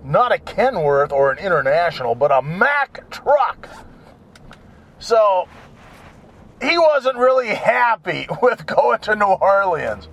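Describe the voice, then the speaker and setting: A man's voice: sits high, big pitch swings, takes it slowly, fairly bright tone, lo-fi sound. A man talking in a casual, rambling, jokey monologue as a vlogger.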